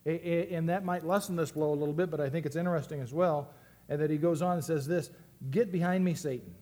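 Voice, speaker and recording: A man's voice: fairly high pitch, quick pace, warm tone. A man preaching a sermon as pastor, earnest and reflective, often restarting his phrases.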